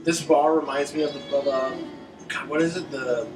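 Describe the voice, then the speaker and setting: A man's voice: fairly high pitch, fairly even intonation, moderate pace. A blunt, joking man with a mid-range voice, trading opinions in a film commentary. He sits far from the mic in an echoey room, with film music playing under him. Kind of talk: casual film commentary chat. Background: film soundtrack music.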